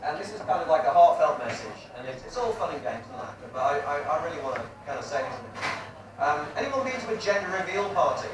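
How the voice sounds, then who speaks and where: A man's voice: fairly high pitch, big pitch swings, fast. A man doing a stand-up comedy set in front of a live audience, chatty and crude and teasing the crowd. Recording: echoey live room, distant mic, audience noise.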